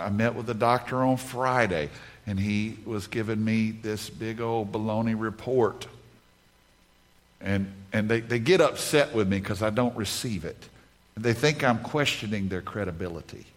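A man's voice: fairly low pitch, normal speed. A man preaching a sermon at a conference, emphatic, repeating key phrases over and over. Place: conference stage.

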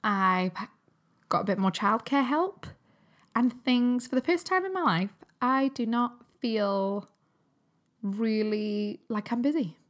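A woman's voice: a little high, lively intonation, takes it slowly. A woman in her thirties, originally from Newcastle, hosting a solo podcast in a chatty, upbeat way and laughing often. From Newcastle, England. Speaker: podcast host and health coach. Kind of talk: casual solo podcast chat.

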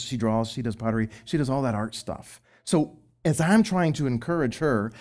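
A middle-aged former youth pastor gives Christian marriage advice expressively, his mid-range voice swinging between loud emphasis and soft asides.

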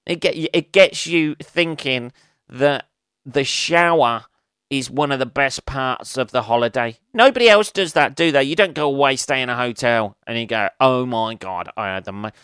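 A man's voice: mid-range voice, animated, normal speed, a bit bright, clean tone, no room sound, studio quality. A man in his forties hosting a podcast, rambling through a sweary, ranting solo monologue. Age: 40s. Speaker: podcast host.

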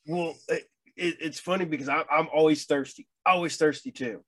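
A middle-aged man with a fairly high voice talks as a guest in a casual chat. He stumbles and repeats his words, adding dry, wry remarks. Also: fairly even intonation, normal speed, fairly bright tone.

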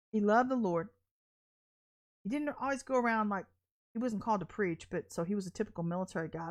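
A woman preacher giving a prophetic sermon in a blunt, confrontational and colloquial way. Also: on the low side.

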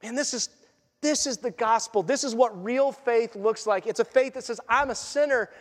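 A man preaching a sermon as pastor, animated, acting out voices and joking along the way. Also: very high voice, normal speed, big-room sound. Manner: animated, acts out voices and jokes.

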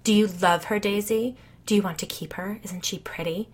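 A woman's voice: mid-range voice, fairly even intonation, normal speed, pitched above the performer's own voice, lightly acted. A woman voicing a creepy, overly sweet older woman neighbor in an audiobook, insistent and sing-song. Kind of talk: audiobook reading.

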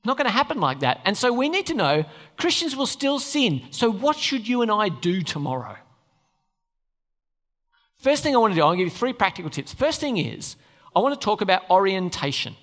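Male preacher, chatty, questioning the congregation, animated intonation, long hall echo. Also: high voice, moderate pace, long pauses. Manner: conversational, asks the audience questions. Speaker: pastor. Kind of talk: sermon.

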